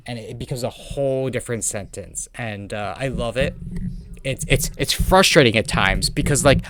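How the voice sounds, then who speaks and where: A man with a heavy non-native accent chats casually as a podcast host, talking fast and rambling with many fillers and restarts. His voice is medium-pitched with a fairly bright tone.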